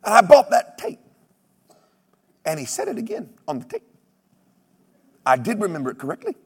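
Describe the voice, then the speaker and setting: Animated preacher man in echoing church. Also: high voice, moderate pace, breathy edge. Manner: animated storytelling with shouted exclamations; humorous, mimics other preachers. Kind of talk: sermon.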